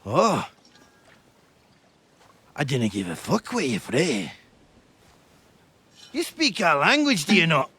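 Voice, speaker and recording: An actor playing a rowdy drunken tavern thug, crude and taunting, in a video game. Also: male voice, fairly high pitch, wildly swooping pitch, slow, long pauses, pushed and bright, slightly rough, exaggerated voice.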